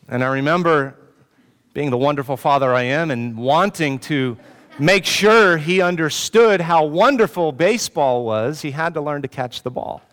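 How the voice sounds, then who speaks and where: A pastor preaches to his congregation, telling a story with self-mocking humor and joking with the listeners. His man's voice is smooth and resonant and sits a little high. The sound rings with the long reverb of a large hall. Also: animated, moderate pace, fairly bright tone. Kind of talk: sermon with personal story. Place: church hall with an audience.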